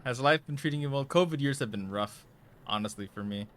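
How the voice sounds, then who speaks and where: Talking fairly quickly at a medium pitch with a slightly bright tone, a young man streams a horror game and chats with his viewers. His nerves show as he jitters and frequently fades into mumbling.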